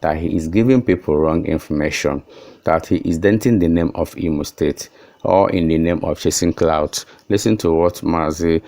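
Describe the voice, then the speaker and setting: A man, hosting and explaining news clips in a plain, steady manner. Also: low-pitched, normal speed. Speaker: channel host narrating clips. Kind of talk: commentary.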